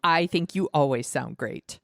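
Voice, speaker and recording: A woman's voice: sits low, measured pace, vocal fry, no room sound, clean studio sound. A woman hosting a podcast in casual, joking chat, laughing often and swearing casually. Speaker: podcast host.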